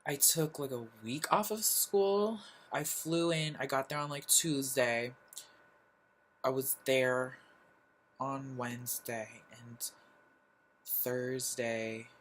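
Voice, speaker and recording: A young adult vlogger talking in a personal confessional style, halting and sighing with lots of filler words. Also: mid-range voice, steady tone, a bit bright, a little hiss or hum, poor audio.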